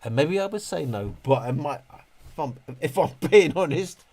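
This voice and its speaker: A man's voice: fairly high pitch, lively intonation, moderate pace, a little mellow. A man hosting a casual livestream, rambling and joking while he moans and swears. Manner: rambling, joking, moaning with frequent laughs and swearing. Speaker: livestream host reviewing speakers.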